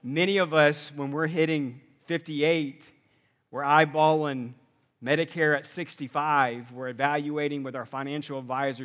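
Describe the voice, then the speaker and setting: Pastor guy preaching, high bright voice, lively and jokey, long echo in a big church. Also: moderate pace. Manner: energetic, conversational preaching with asides and humor. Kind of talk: sermon. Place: church sanctuary.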